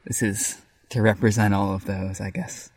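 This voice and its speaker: A young man co-hosting a podcast in unhurried, halting casual chat. His low voice has a gravelly edge, and the sound is dry and close. He often trails off mid-thought. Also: level tone, darkish tone, no echo. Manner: slow, hesitant, trailing off. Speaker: podcast co-host.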